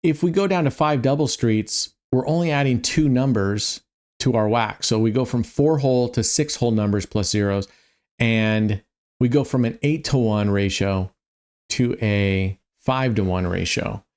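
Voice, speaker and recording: A man with a mid-range voice talks casually through roulette bets, thinking out loud. He sounds tired and yawning, and his chat is full of small ums and restarts as he works things out. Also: medium pitch, unhurried. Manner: chatty, thinks aloud, frequent um and restarts. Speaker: online roulette streamer. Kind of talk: casual walkthrough of betting strategies.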